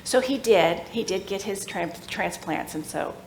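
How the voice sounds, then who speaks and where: A woman's voice: medium pitch, a little slow, gravelly, a little hiss or hum. Middle-aged woman telling a church story, echoey. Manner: animated, laughs while telling, acts out quoted voices. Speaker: workshop speaker. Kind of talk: personal testimony storytelling. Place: church room. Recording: echoey room with faint ambience.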